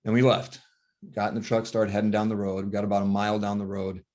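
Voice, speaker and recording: A man recounting a painful family story as a father, talking softly and haltingly with many pauses and fillers, sounding worn and tired. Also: fairly low pitch, flat delivery. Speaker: grieving father telling his story. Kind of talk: emotional personal storytelling.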